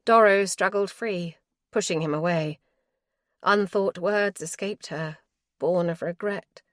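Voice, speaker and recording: A woman narrating an audiobook in a measured, even reading style. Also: lowish voice, no room sound, studio quality. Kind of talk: scripted narration.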